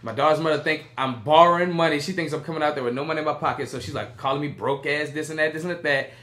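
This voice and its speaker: On a laid-back storytelling podcast, a young male co-host with a high-ish voice races through an anecdote. Lively throughout, he imitates the voices of the characters involved.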